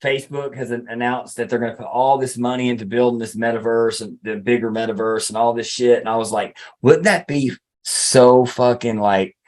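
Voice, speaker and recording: A man's voice: mid-range voice, little pitch movement, quick pace, hardly any pauses, a little mellow. A man co-hosting a podcast in casual chat, rambling and swearing, with lots of fillers. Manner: rambling, profane, filler-heavy. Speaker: podcast co-host.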